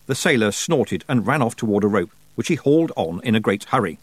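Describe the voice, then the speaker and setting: Lively, expressive male audiobook narrator. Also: mid-range voice, fairly quick, few pauses, dry recording. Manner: expressive storytelling.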